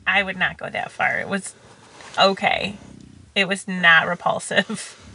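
A woman's voice: mid-range voice, fairly even intonation, measured pace, gravelly, bright, forceful tone, slightly rough, poor audio. A woman co-hosting a podcast in casual chat, wry and teasing. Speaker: podcast co-host.

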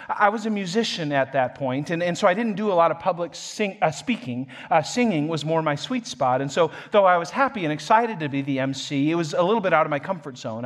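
A pastor preaching a sermon, telling a self-deprecating story with frequent chuckles and repeated words. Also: male voice, a little high.

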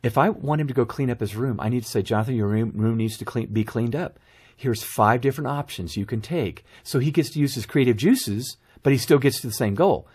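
A middle-aged man with a husky, slightly breathy voice talks casually on a talk show. He tells family anecdotes with animated storytelling. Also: medium pitch, fairly quick. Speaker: guest parenting author.

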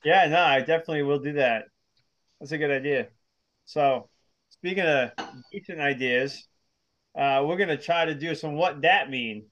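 Guy cohosting a podcast, bit high voice, rambles, repeats himself, laughs a lot. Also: moderate pace, long pauses, fairly bright tone, lo-fi sound. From United States. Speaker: podcast co-host. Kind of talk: casual chat.

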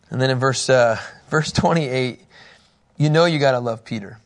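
A man teaching a casual Bible lesson in an animated way, often laughing. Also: medium pitch, fairly quick. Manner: animated, laughing, acting out scripture quotes.

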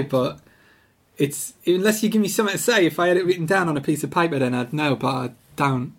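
A woman's voice: deep voice, quick pace. A young woman from Middlesbrough with a Teesside accent, chatting on a podcast microphone, self-deprecating, laughing often and swearing. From Middlesbrough, England. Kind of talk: casual chat.

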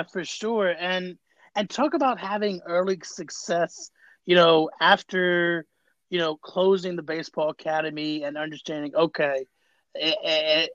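A male podcast host with a somewhat high voice asks his questions in an affirming, conversational way. His audio sounds muffled and lo-fi, with no room echo at all. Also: a bit bright. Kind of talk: interview questions.

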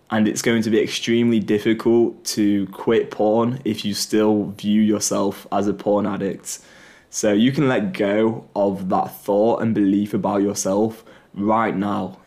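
Male solo podcaster, low-pitched, earnest and encouraging. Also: darkish tone. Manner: earnest, encouraging, some repeated words. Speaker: podcast host. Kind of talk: solo motivational podcast talk.

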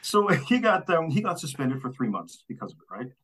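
A man with a husky, slightly rough voice tells workplace stories on a podcast. He gets animated, acting out the people he quotes and laughing as he goes. The delivery is loose and conversational. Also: fairly high pitch, fairly quick. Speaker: storyteller guest. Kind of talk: casual podcast storytelling.

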